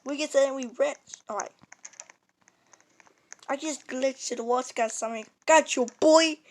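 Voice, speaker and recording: A woman giving playful, excitable commentary while playing a video game, taunting and laughing as she goes. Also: high-pitched, a little slow, a little hiss or hum. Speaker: gamer.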